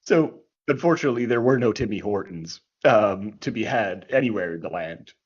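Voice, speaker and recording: A man with a low, husky voice talks through history in a casual, explanatory way. He restarts his sentences often and keeps checking in with "right?". The sound is dull and lo-fi. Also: animated, normal speed. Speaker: history podcast co-host. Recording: dull lo-fi recording.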